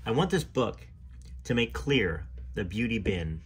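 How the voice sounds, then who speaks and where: A man reading a memoir aloud in an earnest, emotional way, pausing now and then to add his own comments. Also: lowish voice, expressive. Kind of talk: reading aloud with spoken asides.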